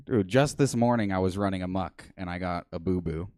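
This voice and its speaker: A man in his twenties doing a deadpan, self-mocking stand-up set on a small comedy stage. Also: sits low, a little fast, clean tone. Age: 20s.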